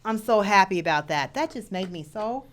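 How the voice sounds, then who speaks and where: Gushing, excited woman host. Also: mid-range voice, normal speed. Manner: gushing, excited, laughs easily. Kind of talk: casual live chat.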